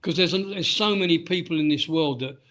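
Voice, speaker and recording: Rambling middle-aged British man, fairly high voice. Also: a little fast, fairly bright tone. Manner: rambling, frequent restarts and "um"s. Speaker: guest, ski instructor and author. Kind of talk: casual interview.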